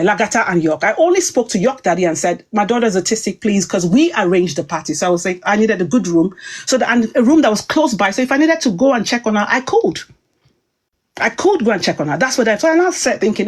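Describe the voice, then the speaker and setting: A woman giving a heated personal monologue on a live stream, emphatic and repetitive, restarting her sentences. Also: mid-range voice. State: upset.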